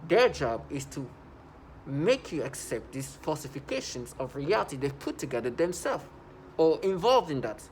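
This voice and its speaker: A man's voice: fairly high pitch, big pitch swings, moderate pace, slight background noise. A man delivering a rambling personal vlog monologue, agitated, with frequent restarts and self-corrections. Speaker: vlogger.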